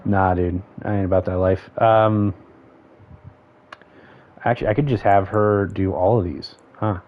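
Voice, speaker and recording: A low-pitched man with a steady tone talks a little slowly as he streams a game. Chatting casually, he muses aloud and murmurs through his options; the sound is dull lo-fi stream audio.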